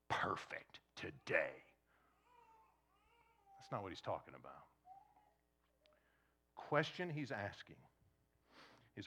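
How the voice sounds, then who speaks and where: Male pastor, sermon: bright, lively delivery, leans in quietly for emphasis. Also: medium pitch. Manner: conversational, animated, swings to soft intense emphasis. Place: church before a congregation.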